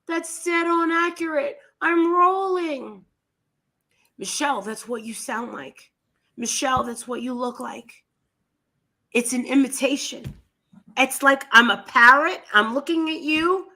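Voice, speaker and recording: A woman hosting a casual commentary chat, talking in a blunt, animated and scornful way. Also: on the high side, a little slow. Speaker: commentary channel host.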